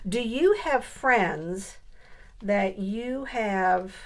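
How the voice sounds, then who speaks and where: A middle-aged woman talks through her papercraft project in an easy, conversational way, pausing to think aloud as she works. She keeps turning to her viewers with friendly questions, at an ordinary mid-range pitch. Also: expressive. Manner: chatty, thinks aloud while working. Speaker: papercraft vlogger. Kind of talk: casual crafting tutorial.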